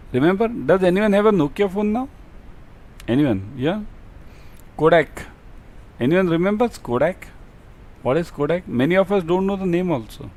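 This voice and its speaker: Higher-voiced man teaching class. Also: a little mellow. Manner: asks rhetorical questions, repeats key terms. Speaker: exam prep teacher. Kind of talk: online class lecture.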